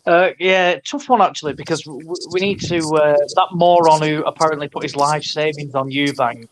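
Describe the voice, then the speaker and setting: A man's voice: fairly high pitch, steady tone, brisk, noisy background. A man telling stories in casual podcast banter, hesitant with many fillers. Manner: hesitant, filler-heavy storytelling. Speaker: podcast co-host.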